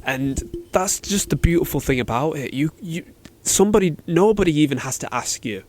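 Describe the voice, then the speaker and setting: A man's voice: fairly high pitch, lively intonation, normal speed, a little mellow, a little hiss or hum. A man hosting a casual solo podcast, talking in a chatty, slangy way and acting out little made-up exchanges, recorded in a shop. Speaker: podcast host. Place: cold shop with fridges.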